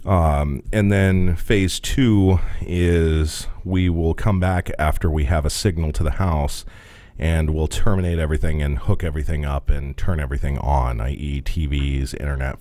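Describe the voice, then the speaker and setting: Guy with a real low voice swearing thru a story, dry close sound. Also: a little mellow, no echo. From rural Midwest US. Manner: profane, laughing storyteller. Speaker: podcast co-host. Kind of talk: casual storytelling chat.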